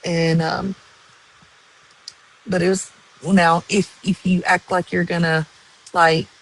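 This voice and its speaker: A woman's voice: on the low side, flat delivery, poor audio. A woman chatting casually and rambling to viewers on a live stream. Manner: slow, rambling, with many ums and likes.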